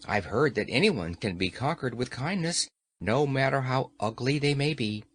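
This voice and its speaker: A man voicing a gentle, tender-hearted tin man who pleads for kindness. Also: medium pitch, expressive, moderate pace, slightly rough, no room sound.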